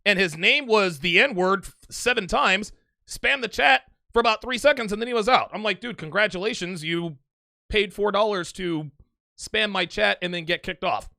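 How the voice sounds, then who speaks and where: Brash high-voiced man hosting a live show. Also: moderate pace, creaky, bright, forceful tone, dry recording, studio quality. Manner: brash, emphatic, repeats himself. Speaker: livestream host reading super chats and taking calls. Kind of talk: casual live show chat.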